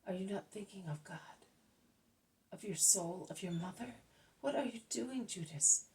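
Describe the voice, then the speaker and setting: A woman reading aloud voices a gentle, sorrowful mother who pleads softly, often sinking into a half-whisper. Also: mid-range voice, unhurried, far from the mic, close to an everyday voice, rough recording. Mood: pleading.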